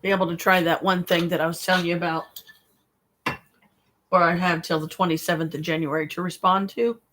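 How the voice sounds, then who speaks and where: A woman's voice: fairly low pitch, level tone, a little fast, fairly bright tone. A woman talking in a casual livestream monologue, rambling, blunt and exasperated, swearing freely as she speaks straight to a viewer. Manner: speaks to one viewer directly.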